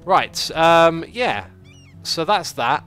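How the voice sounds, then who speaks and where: A man giving casual, chatty livestream commentary while building a city in a game, reacting out loud to it and answering chat. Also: a little high, animated. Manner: chatty, talks to the game and to chat, quick exclamations. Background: faint background music.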